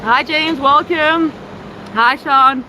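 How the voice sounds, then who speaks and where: A woman's voice: high-pitched, takes it slowly. A German woman from Berlin with a German accent, chatting casually with live-stream viewers on a phone on a selfie stick while walking through city streets, full of "like" fillers. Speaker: livestreamer. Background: faint street and traffic noise.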